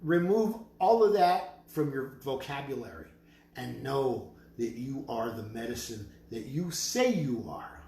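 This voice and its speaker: A drum maker hosts a live sales stream full of spiritual talk, his medium-pitched voice expressive and mellow. Slowly he makes emphatic, prayerful declarations and chants words while showing drums in his studio of drums and rattles, recorded with roomy acoustics and faint noise.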